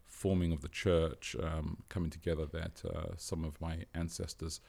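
A man's voice: a bass voice, flat delivery, normal speed, vocal fry, mellow. A man from southeast London with an English accent, a pastor chatting as a podcast guest in a playful way and laughing often. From England, southeast London. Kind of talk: casual conversation.

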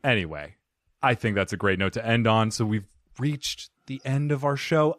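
A man's voice: on the low side, expressive, moderate pace, fairly bright tone, dry recording, studio quality. A young man hosting a podcast, goofy and enthusiastic in casual chat. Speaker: podcast host.

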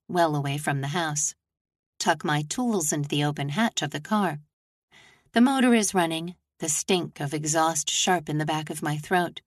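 A woman reading her novel aloud in a measured, first-person narration. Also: deep voice, no room sound, clean studio sound.

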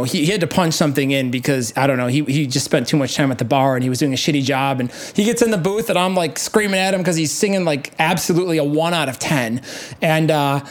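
Profane, sarcastic storytelling man. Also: a little high. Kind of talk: casual storytelling.

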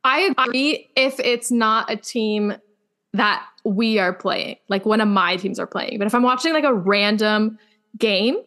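A woman's voice: mid-range voice, a little slow, a bit bright. A young woman co-hosting a casual podcast, talking with lots of fillers and getting openly emotional. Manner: chatty, filler-heavy, emotional. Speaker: podcast co-host. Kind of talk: casual chat.

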